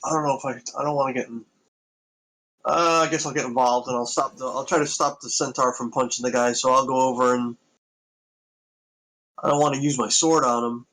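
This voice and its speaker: A man's voice: medium pitch, fairly even intonation, brisk, long pauses, fairly bright tone, rough recording. A man playing in a tabletop game, hesitating and thinking aloud about what to do. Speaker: player. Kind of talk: casual tabletop play.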